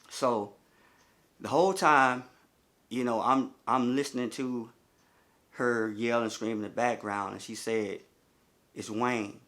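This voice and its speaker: A middle-aged man with a fairly low voice tells his own story as a bereaved father. He speaks haltingly and circles back on his words, leaning on fillers as he goes. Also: a bit bright. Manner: halting, repetitive, many fillers. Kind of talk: personal testimony.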